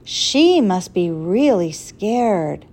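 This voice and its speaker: A woman voicing an eager, excitable boy who talks in a pleading, urgent way. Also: mid-range voice, drawn-out words, full character voice.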